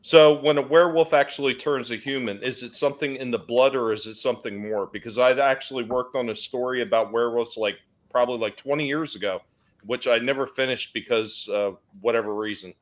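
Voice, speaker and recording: A man's voice: mid-range voice, fairly quick. A man in a casual panel chat, asking cheeky, provocative questions.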